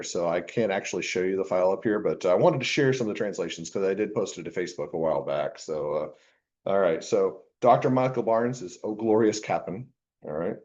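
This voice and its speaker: Low-voiced man joking through a lecture. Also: a little mellow, muffled recording. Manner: joking, chatty, self-deprecating asides. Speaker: university accounting professor. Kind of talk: classroom lecture. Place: lecture classroom.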